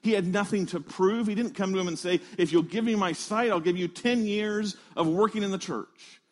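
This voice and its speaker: A man preaching a sermon, earnest and emphatic, leaning on slow, stressed phrases. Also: high voice. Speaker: pastor.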